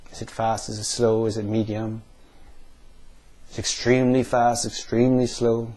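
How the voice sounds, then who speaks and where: An NLP practitioner with a mid-range male voice guides listeners through a pain-visualization exercise. He asks slow, calm questions and leaves pauses between them.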